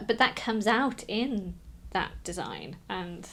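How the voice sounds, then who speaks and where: A woman co-hosts a casual podcast, her voice sitting at a middle pitch for a woman. She talks eagerly and loosely, stacking fillers and restarts as she goes. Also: sing-song, slow pace, creaky, fairly bright tone. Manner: chatty and enthusiastic, many fillers and restarts. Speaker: podcast co-host. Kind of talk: casual film discussion.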